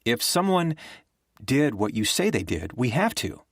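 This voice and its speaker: A man voicing a frightened, sick teenage girl who bursts out shrill and tearful, in an audiobook reading. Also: sing-song, a little slow, no room sound, studio quality. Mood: furious panic.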